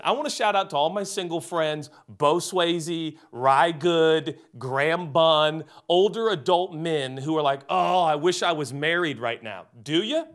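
A man in his forties preaching a comedic sermon, animated and jokey, turning earnest. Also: fairly high pitch. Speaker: pastor.

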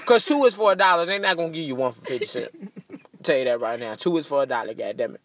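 A man doing a profane, animated comedic rant, laughing at his own jokes. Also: medium pitch, fast. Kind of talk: stand-up style comedic rant.

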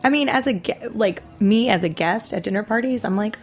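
A woman's voice: medium pitch, a little fast. A woman who is a chef, chatting as a guest on a podcast in a playful, joking way. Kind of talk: casual chat.

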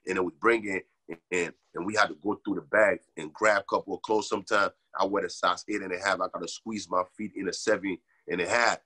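Man from Liberia with a husky voice. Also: sits low, brisk, few pauses. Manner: animated, acts out voices of others, repeats "you know what I'm saying". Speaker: guest telling his life story. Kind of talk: casual storytelling interview.

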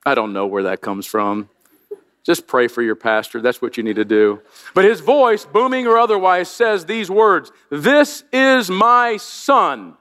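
A man preaching a sermon as pastor, animated, with jokey asides and rhetorical questions to the congregation. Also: medium pitch, moderate pace, smooth, in a large hall.

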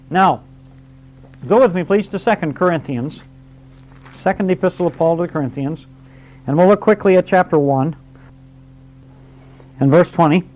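High-voiced man teaching a Bible class. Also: darkish tone. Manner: explains verse by verse, reads scripture aloud, quizzes the class. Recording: dull lo-fi recording.

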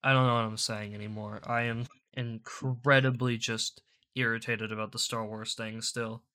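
A man's voice: medium pitch, flat delivery, normal speed, pushed and bright. A man hosting a casual political commentary show, rambling and stammering, often repeating words. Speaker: show host.

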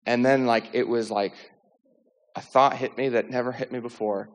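A young man tells his personal testimony in a loose, conversational way, stumbling through restarts and fillers. His delivery is animated and his voice sits at an ordinary middle pitch for a man. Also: moderate pace. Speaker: speaker sharing a testimony. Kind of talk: personal testimony, casual storytelling.

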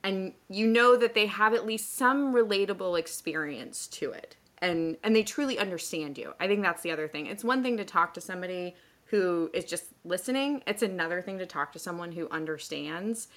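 Bright-voiced woman, laughing asides. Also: on the low side. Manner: laughs often, quick self-mocking asides. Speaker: guest. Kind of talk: casual panel conversation.

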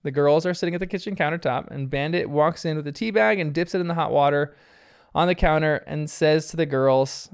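Male recapper, casual and rambling, smooth fairly high voice. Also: fairly quick. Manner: chatty and rambling, heavy with filler words. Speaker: show recapper. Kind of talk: casual episode recap commentary.

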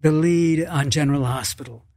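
A man in his eighties, an actor and guest, talking casually in a halting way with many restarts. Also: a little high, a little mellow. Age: 80s. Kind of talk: casual interview chat.

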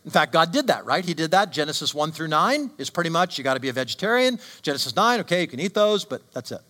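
A man's voice: fairly high pitch, sing-song, fast talker, pushed and bright. A man preaching a sermon with emphatic delivery and frequent rhetorical questions. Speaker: pastor.

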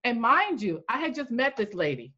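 A woman coach telling an animated story in a podcast interview, acting out the voices she quotes. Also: moderate pace, slightly rough, lo-fi sound. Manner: animated storyteller, acts out quoted voices with big pitch jumps. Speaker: coach and founder.

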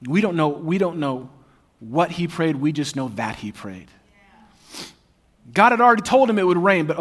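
A male pastor preaching a sermon in a church in a conversational, humorous way that often drops to a hushed intensity. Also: fairly high pitch, very animated, normal speed, pauses often.

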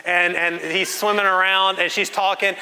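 A man's voice: sits high, normal speed. A man, preaching as a pastor and telling a funny family story with acted-out quotes. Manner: animated, self-mocking storytelling with acted-out quotes. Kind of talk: sermon storytelling. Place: church sanctuary. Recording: reverberant church hall.

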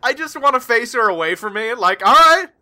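A player describing their character's actions in a tabletop game, animated and laughing often. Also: medium pitch. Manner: animated, laughing, drawn-out speech. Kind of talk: casual tabletop role-play.

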